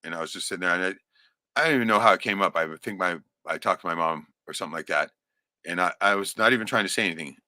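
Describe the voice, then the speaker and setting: Rapid-fire and chatty, a low-voiced middle-aged man tells a long personal story packed with profanity. The recording is close and dry with little room echo; his tone is bright and forceful, he laughs frequently, and he keeps adding "right?".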